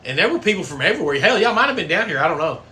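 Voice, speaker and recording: A middle-aged man with a drawl talks loosely to his stream, swearing and joking like a regular at the bar. His voice is strikingly bright and forceful, pitched a little high for a man. A light hiss sits under the recording. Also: big pitch swings, racing. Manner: folksy, swearing, chatty. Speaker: livestream host; coach. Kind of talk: casual livestream chat.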